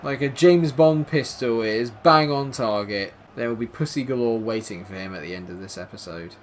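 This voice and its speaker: A young man commentating his own football video game, calm between plays and shouting when goals go in. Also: medium pitch, moderate pace, a little hiss or hum. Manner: excitable, shouts at goals, dry jokes. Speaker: gaming YouTuber. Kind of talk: gameplay commentary.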